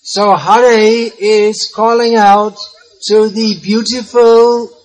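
A man's voice: sits high, little pitch movement, very slow, soft background music, poor audio. A man giving a talk on spiritual philosophy and patiently leading listeners in a call-and-response chant. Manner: patient, inviting, repeats words for a crowd. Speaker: devotional teacher.

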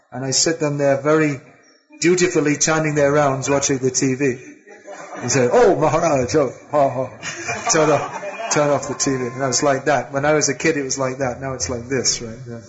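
A man giving a spiritual lecture as a teacher, often stopping and restarting his sentences. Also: medium pitch. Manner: hesitant, with many restarts and fillers. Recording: dull lo-fi lecture recording.

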